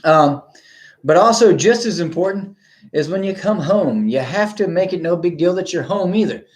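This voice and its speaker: Brief: casual male dog trainer, somewhat high-pitched, rambling with plenty of ums. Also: moderate pace. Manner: relaxed and rambling, frequent ums, answers viewers by name. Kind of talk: casual instructional talk.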